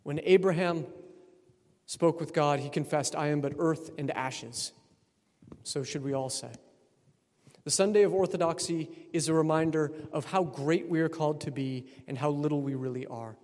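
A male priest with a drawl preaches in an easy, conversational tone, slipping in dry humorous asides. His voice sits a little higher than most men's. It rings out with the long reverb of a church. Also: steady tone, normal speed, a little mellow. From Texas. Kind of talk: sermon.

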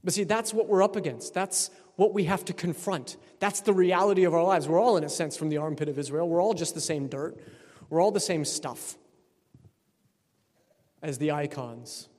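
A male priest with a drawl preaches in an easy, conversational tone, slipping in dry humorous asides. His voice sits a little higher than most men's. It rings out with the long reverb of a church. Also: moderate pace, darkish tone. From Texas. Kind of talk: sermon.

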